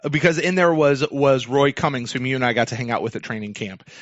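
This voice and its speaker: A man's voice: mid-range voice, fast talker, a bit bright, no echo. Rambling man telling a podcast story. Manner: rambling, many fillers and restarts. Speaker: podcast host. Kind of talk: casual storytelling chat. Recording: dull lo-fi dry sound.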